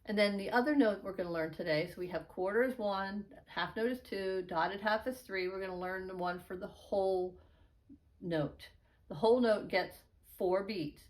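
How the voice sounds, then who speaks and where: A woman's voice: medium pitch, normal speed. A middle-aged woman teaching a beginner piano lesson, explaining patiently and chanting note counts in an encouraging way.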